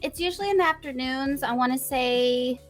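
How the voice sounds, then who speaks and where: A woman's voice: high-pitched, normal speed, soft background music. A young woman streamer chatting as a guest, bubbly and giggly. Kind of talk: casual interview chat.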